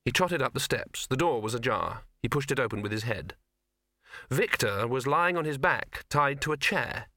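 A man narrates a story in a wry, measured way, his tone bright and crisp. His pitch sits in the middle range. The recording is dry and close, with no room sound. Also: expressive, no echo. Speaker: audiobook narrator. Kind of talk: scripted narration.

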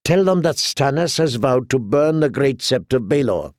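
A man's voice: mid-range voice, lively intonation, moderate pace, darkish tone, dry recording, lightly acted. A man reading an audiobook, voicing a blunt, sardonic lord who speaks dryly. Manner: dry and blunt.

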